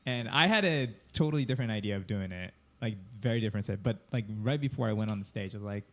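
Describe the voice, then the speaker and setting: A man, a comedian telling a story on a podcast, halting and repeating words and laughing as he goes. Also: lowish voice, lively intonation. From Japan. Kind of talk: casual storytelling.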